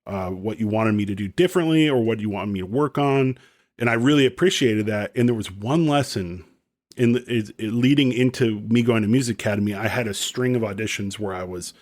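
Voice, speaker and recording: A man's voice: medium pitch, a little mellow. A man hosting a podcast, earnestly telling a story about lessons with his former teacher in a grateful way. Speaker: podcast host, former student of the guest. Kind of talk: casual podcast conversation.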